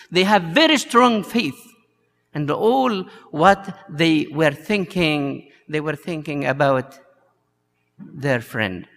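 A man preaching a sermon as a priest, slow and halting with many fillers. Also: fairly high pitch, gravelly, a bit bright. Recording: long hall reverb.

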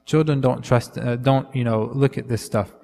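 A man delivers a sermon in a loose, conversational way, sprinkling Arabic fillers between his points. His voice sits at an ordinary middle pitch. It rings out with a long reverb, as if in a church hall. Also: fairly even intonation, normal speed, gravelly, mellow. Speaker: preacher.

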